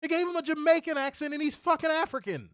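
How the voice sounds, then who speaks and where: A man's voice: very high voice, lively intonation, fast, a bit bright, no room sound, studio quality. A man co-hosting a wrestling review show, ranting in a profane, exasperated way during casual podcast commentary.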